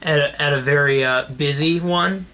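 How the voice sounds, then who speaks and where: Bright-voiced, hesitant podcast co-host. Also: medium pitch. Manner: hesitant, halting, with many fillers. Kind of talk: casual comedy podcast chat.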